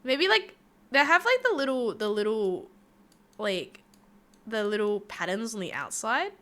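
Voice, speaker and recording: A woman's voice: on the high side, big pitch swings, measured pace, fairly bright tone. A young woman VTuber chatting playfully with her stream chat while she draws. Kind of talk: casual live-stream chat.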